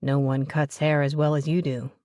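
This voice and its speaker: Woman reading as a chill young cowboy guy, low and friendly. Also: level tone, moderate pace, mellow, no echo, studio quality, natural voice. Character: easygoing young cowboy man.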